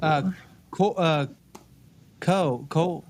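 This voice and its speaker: A man playing a tabletop game, blunt and quick to curse. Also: a little high, darkish tone, slight background noise. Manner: blunt and profane. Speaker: player. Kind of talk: casual tabletop chat.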